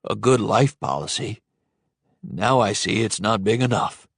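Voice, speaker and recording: Gentle scared trucker guy, done by a man reading, lowish soft pleading voice, dry sound. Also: animated, measured pace, husky, no echo, exaggerated voice. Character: kindly middle-aged male trucker, gentle and frightened.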